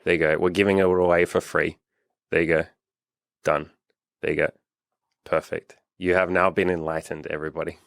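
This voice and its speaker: A young man, a dating coach who hosts his own channel, chats casually on a podcast, blunt and swearing freely, raising his voice to act out quotes. His voice sits low with vocal fry and a flat delivery at normal speed, broken by long pauses. The recording is dry and studio quality.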